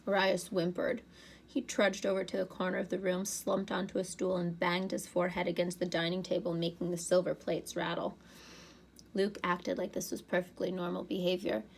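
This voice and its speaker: A woman's voice: fairly low pitch, moderate pace, creaky, breathy edge. Woman teacher reading a novel aloud. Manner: expressive storybook narration.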